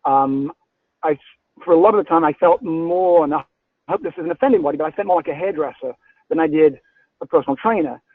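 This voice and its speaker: An older man in a coaching webinar speaks earnestly in a fairly high voice and keeps stopping and restarting his sentences. His voice comes through a dry, tinny, phone-like line. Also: gravelly, no echo. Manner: halting, many restarts, earnest. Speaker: personal trainer and coach. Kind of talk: webinar discussion.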